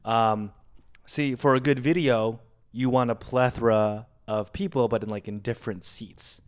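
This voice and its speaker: Young guy on a podcast telling a long story, smooth clear voice, does the voices of people in it. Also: medium pitch, a little slow. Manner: animated storyteller acting out quotes. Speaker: podcast co-host. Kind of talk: casual storytelling.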